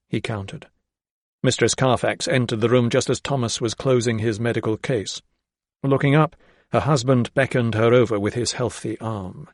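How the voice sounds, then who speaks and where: A male audiobook narrator with a mid-range voice, reading a period novel in steady, even storytelling. The sound is close and very dry, with no room at all. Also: mid-range voice, moderate pace, dry recording. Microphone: close studio mic.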